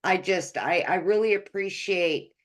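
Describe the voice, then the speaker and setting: A woman with a fairly low voice hosts a community video call. She is encouraging and conversational and often repeats a word as she speaks. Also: unhurried. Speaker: community host.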